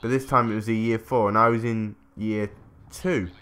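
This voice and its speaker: An English gaming commentator with a lowish, smooth, fairly bright voice speaks at a moderate pace with fairly even intonation. He rambles through a chatty story during casual gameplay, cutting himself off and swearing casually.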